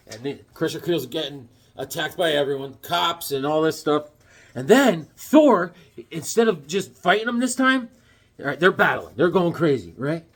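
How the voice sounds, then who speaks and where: A man hosting a casual comic book review, rambling and telling corny jokes as he talks. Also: on the high side. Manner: rambling and jokey, full of corny puns and asides. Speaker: comic book collector and channel host.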